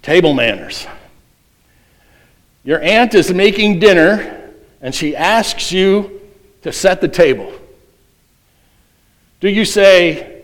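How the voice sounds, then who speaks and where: A man's voice: sits high, expressive, slow pace, pauses often, low-quality recording. A middle-aged man preaching a sermon, reading a children's quiz aloud with playful voices. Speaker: pastor.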